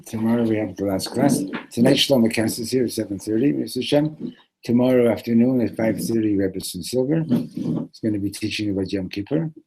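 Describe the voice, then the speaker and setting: Husky-voiced man teaching a Torah class. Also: on the low side, a little fast, poor audio. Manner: acts out characters with sudden loud shouts; mixes in Hebrew and Yiddish terms.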